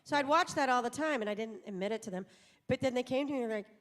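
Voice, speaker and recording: A middle-aged American voice actor talks rapid-fire in a slightly high voice. She is a guest on a live convention panel in an auditorium, chatting in a rambling, self-deprecating way.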